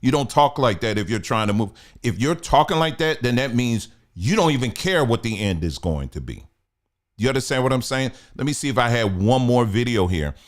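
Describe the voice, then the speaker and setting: A man's voice: medium pitch, lively intonation, brisk. A man hosting a commentary channel, talking earnestly and repetitively, checking that his listeners follow along. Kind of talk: conversational commentary monologue.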